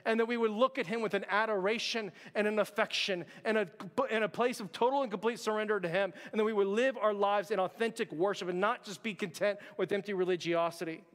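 A man's voice: high voice, fairly even intonation, fast talker, few pauses, a bit bright, big-room sound. A pastor preaching an earnest, conversational sermon to his church, often addressing the congregation directly.

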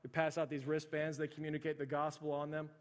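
Pastor telling a story in a reverberant sanctuary. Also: male voice, a little high, completely flat delivery, fast. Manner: conversational, folksy storytelling with quiet acted asides. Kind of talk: sermon storytelling. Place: church sanctuary. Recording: long hall reverb.

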